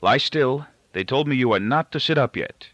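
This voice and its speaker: A man voicing a frail, worried gray-haired father who speaks softly and slightly huskily, in formal, careful phrases with small hesitations. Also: mid-range voice, animated, normal speed, no room sound, voice pushed up. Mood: anxious, soothing. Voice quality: soft, slightly husky. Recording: dull, dry lo-fi recording.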